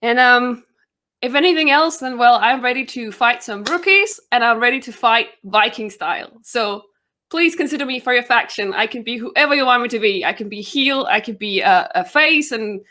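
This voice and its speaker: A woman's voice: on the high side, lively intonation, moderate pace, bright, forceful tone. A young woman from Denmark with a Danish accent, a guest giving a chatty self-introduction with frequent laughter.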